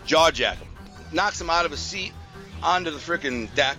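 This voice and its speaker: A man's voice: a little high, animated, normal speed, over loud music. A man casually telling a personal story in a rambling, slangy way, full of fillers and restarts.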